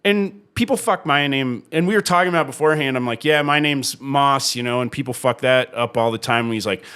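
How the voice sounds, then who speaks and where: A man co-hosting a podcast, telling stories in a casual, animated way, swearing often and laughing. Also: mid-range voice, a little fast, clean tone. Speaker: podcast co-host and comedy show host. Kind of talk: casual storytelling chat.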